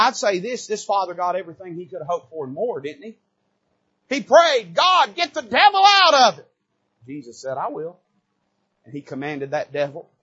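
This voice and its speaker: A man preaching a sermon from the pulpit, swinging from hushed to shouting. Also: slightly rough, dull audio. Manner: preaching with big swings in pitch and loudness, rising to shouts. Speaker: pastor. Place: church sanctuary.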